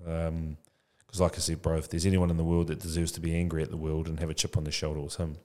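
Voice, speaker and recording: A man of about forty with a low, deep voice speaks as a podcast guest. He talks loosely and frankly, dropping "bro" into nearly every thought. His delivery is reflective and open. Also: flat delivery, quick pace, darkish tone. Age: 40s. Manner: casual, says "bro" often, frank and reflective. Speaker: podcast guest, childcare business founder. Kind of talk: candid conversational interview.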